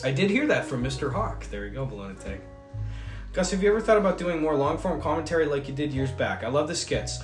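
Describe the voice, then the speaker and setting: This is a man chatting on a livestream, going through chat with plenty of rambling, swearing and jokes despite being a bit ill. His voice is a little high and expressive, moving at a quick pace. The sound is reverberant, with soft background music.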